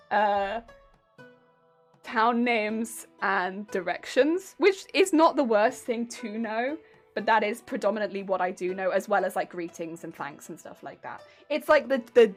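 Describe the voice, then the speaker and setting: A woman streamer chatting casually with her viewers, laughing often and restarting her sentences. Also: a little high.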